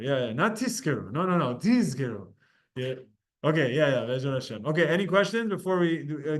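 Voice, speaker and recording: Male teacher, slightly raised pitch, relaxed and repetitive, leading a study class. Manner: casual, repetitive, explains pronunciation by example; chants verses slowly. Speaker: Torah teacher.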